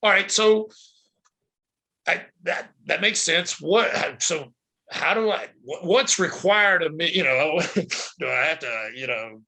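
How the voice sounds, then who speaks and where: A man's voice: fairly high pitch, lively intonation, takes it slowly, bright, forceful tone. A man hosting a podcast interview, asking casual, folksy, rambling questions. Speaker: podcast host.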